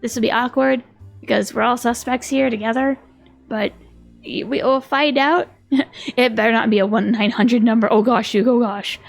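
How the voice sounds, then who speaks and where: A chatty woman streamer commenting on a game, playful and quick to giggle. Her voice is high and laced with a gravelly creak. Soft background music plays faintly behind her. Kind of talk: casual live game commentary.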